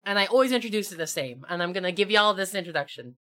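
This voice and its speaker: A woman's voice: mid-range voice, animated, fast, pushed and bright. A young adult woman, a game master, chatting casually on a tabletop gaming podcast in a bubbly, rambling way. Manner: bubbly, rambling, lots of filler and laughter.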